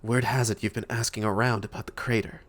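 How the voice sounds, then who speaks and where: A man doing a hushed, secretive caller. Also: fairly low pitch, fairly even intonation, quick pace, pitched below the performer's own voice, lightly acted. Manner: barely above a whisper.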